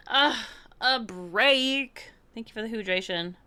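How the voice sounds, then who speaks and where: A woman livestreamer telling a story in casual chat with her viewers, excitable and laughing often. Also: fairly high pitch, slow pace, clean tone. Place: room at home, alone.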